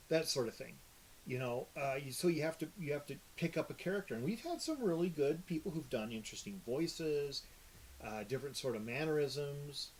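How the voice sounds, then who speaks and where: A man's voice: medium pitch, a little hiss or hum. Rambling man from the upper Midwest. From upper Midwest United States. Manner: rambling, many fillers. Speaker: podcast co-host. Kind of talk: casual chat.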